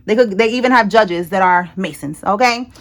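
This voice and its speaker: A woman's voice: mid-range voice, moderate pace. A woman giving a casual tarot reading to her viewers, talking bluntly and emphatically, swearing freely and checking in with "all right?". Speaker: tarot reader. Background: people talking in the house.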